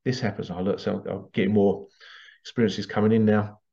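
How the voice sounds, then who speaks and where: A man who leads past life regression workshops, telling stories in a chatty, animated way. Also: lowish voice, normal speed, creaky. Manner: chatty, animated, laughs often. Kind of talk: casual storytelling promo. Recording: dull lo-fi recording.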